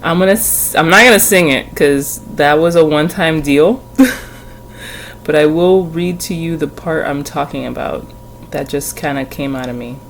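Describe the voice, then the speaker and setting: A woman's voice: low-pitched, normal speed, gravelly, slight background noise. Rambling, laughing woman tarot vlogger. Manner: rambling, laughs often, casual swearing. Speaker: tarot reader and channel host. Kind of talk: casual chatty vlog. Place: at home.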